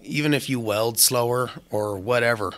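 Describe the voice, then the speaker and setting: A young man in casual podcast talk, blunt and animated, swearing freely as he tells work stories. His voice sits at an ordinary middle pitch. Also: moderate pace. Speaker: podcast guest, welder.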